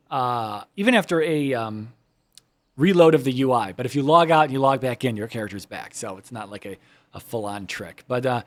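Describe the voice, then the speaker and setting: A man's voice: a little high, fairly bright tone. A man giving a casual, rambling behind-the-scenes walkthrough of a game scene, often correcting himself and swearing when exasperated. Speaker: video creator explaining a game scene.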